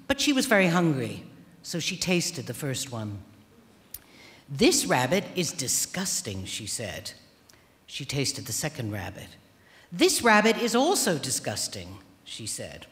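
A woman author giving a festival opening speech, retelling a fairy tale in a dry, ironic, deadpan way. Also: low voice. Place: large theatre hall. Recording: long reverb of a large hall.

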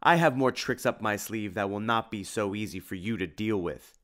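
A man voicing the spirit of a vampire count in an audiobook, with booming, drawn-out threats. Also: a bit bright, natural voice. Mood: menacing. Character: Count Dracula's spirit, a menacing male vampire. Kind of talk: audiobook character voice.

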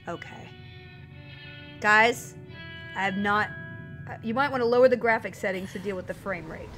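A woman chatting excitedly to her viewers while she plays a video game live, talking back at the characters on screen. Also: mid-range voice, moderate pace, long pauses, soft background music. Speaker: game streamer. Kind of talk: live gameplay commentary.

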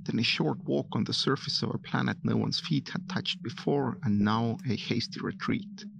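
A gravelly, weary stranded astronaut. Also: mid-range voice, moderate pace, slight background noise. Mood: weary, wry. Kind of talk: game narration.

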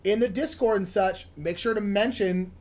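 High-voiced jokey man on a stream. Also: normal speed, a little mellow. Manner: jokey, reads viewer comments aloud. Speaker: co-host. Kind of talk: casual live-stream chat.

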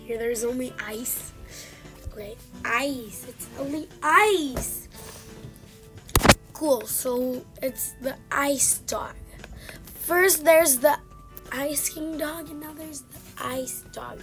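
A woman hosting live gameplay commentary, chatty and excitable, teasing the game characters, with game music behind her. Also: sits high, slow pace, pauses often. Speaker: gaming channel host.

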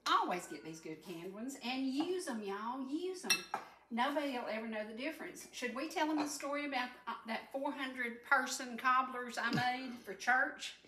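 A bright, forceful voice pitched high moves at a moderate pace through a roomy space with slight background noise. The speaker is a Southern talk show host in her sixties, cooking in an indoor kitchen with homey, folksy charm and plenty of "y'all."

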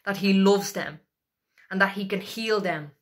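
A woman's voice: medium pitch, a little slow. A woman preaching an exhorting sermon, emphatic and repetitive as she urges listeners on.

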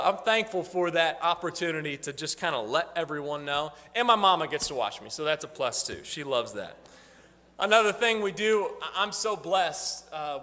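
A man addressing a congregation as their pastor, his voice pitched high and sharply bright. He talks in a loose, casual way, restarting his sentences often. The sound carries a long reverb from the church hall. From northern United States. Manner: casual, rambling, frequent restarts. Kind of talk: informal church talk on ministry updates. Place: church sanctuary.

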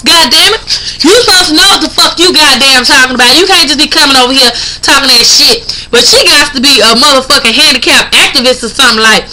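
A young woman telling a profane, indignant story in a vlog, getting loud when she quotes herself. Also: sits high, background noise. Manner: foul-mouthed, indignant, gets loud and animated when quoting. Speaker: vlogger.

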